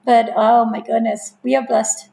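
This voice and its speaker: High, gravelly-voiced woman telling her story. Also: unhurried, poor audio. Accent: New Mexican English. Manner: laughs often, animated retelling with quoted dialogue. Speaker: interview guest. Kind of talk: casual personal storytelling.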